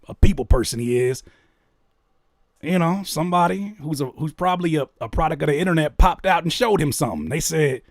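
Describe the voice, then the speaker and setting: A man hosting a reaction video, commenting in a casual, mocking way and getting loud when worked up. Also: fairly high pitch, no echo, clean studio sound. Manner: animated, mocking, exclaims loudly when worked up.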